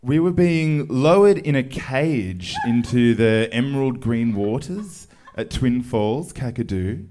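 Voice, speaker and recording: Guy telling a weird dream real slow, lots of ups and downs in his voice, noisy room. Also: mid-range voice, lively intonation. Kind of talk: addressing the comedian. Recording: live show with audible noise.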